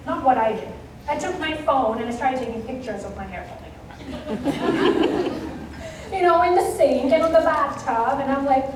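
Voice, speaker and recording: A woman from Kenya giving a keynote talk, telling a personal story in an animated way and acting out the dialogue. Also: sits high, moderate pace, long pauses, background noise. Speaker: keynote speaker. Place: conference hall stage. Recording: echoey hall, mic at a distance.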